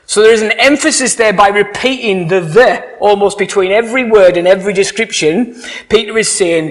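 A man gives a sermon in a voice pitched fairly high for a man. He speaks earnestly and with emphasis, and he often turns to his listeners with rhetorical questions. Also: a little fast. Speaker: preacher.

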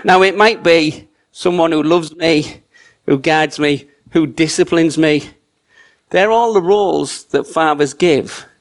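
A man's voice: fairly high pitch, slow pace. A middle-aged man preaching a sermon in a conversational, storytelling way, often restarting his sentences. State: choked with emotion.

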